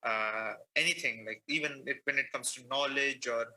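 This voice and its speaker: Expressive man from India, bright voice. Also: medium pitch, moderate pace, rough recording. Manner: expressive, laughs often. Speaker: comedian on a podcast panel. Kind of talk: casual chat.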